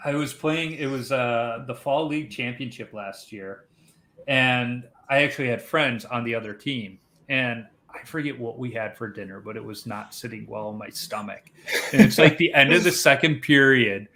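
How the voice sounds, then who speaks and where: A man in his forties hosts a casual podcast chat. His pitch sits in the middle range for a man. He tells stories easily and slips into the voices of the people he quotes. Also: moderate pace. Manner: relaxed storyteller, acts out quoted voices. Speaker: podcast host.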